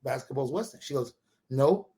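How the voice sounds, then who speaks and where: A man from Brooklyn with a husky, slightly breathy voice, talking in a New York accent. His voice sits at an ordinary middle pitch, and he tells his story animatedly, restarting phrases and acting out both sides of a conversation. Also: moderate pace. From Brooklyn, USA. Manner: animated, repetitive restarts, quotes dialogue with "right?" tags. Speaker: podcast guest. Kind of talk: casual storytelling.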